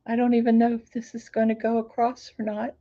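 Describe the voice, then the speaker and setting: A woman with a hoarse, recovering voice, chatting casually on a livestream and greeting her viewers by name. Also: a little high, monotone, brisk, warm tone, lo-fi sound. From Florida. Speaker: crafting channel host. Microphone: laptop microphone.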